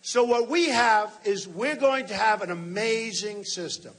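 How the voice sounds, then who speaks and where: A man's voice: high-pitched, measured pace, a bit bright. A man in his sixties giving an off-the-cuff campaign rally speech to a large hall, emphatic and repetitive, often talking straight to the crowd. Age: 60s. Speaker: political candidate.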